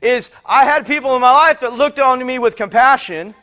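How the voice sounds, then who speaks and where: High-voiced man preaching a story. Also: moderate pace, sharp tone. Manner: rambling, repeats words, acts out quoted voices. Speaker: pastor. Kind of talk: sermon storytelling.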